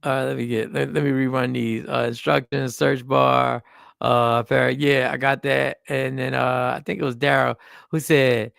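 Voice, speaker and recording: A man's voice: mid-range voice, fairly even intonation, normal speed, vocal fry, a bit bright, dry recording, clean studio sound. A man of Puerto Rican background hosting a livestream, talking casually, joking and rambling with restarts. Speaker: livestream host.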